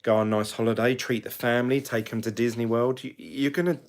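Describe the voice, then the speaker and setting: A man's voice: medium pitch, steady tone, fast. A middle-aged man from the UK, talking to camera in a chatty, rambling way that often corrects itself. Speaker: crypto vlogger. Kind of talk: casual monologue to camera.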